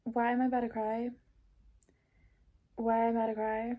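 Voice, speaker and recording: A woman's voice: a little high, monotone, normal speed, mellow. Gushing young woman book vlogger. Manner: chatty, gushing, lots of fillers and whispered asides. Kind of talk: casual reading vlog chat.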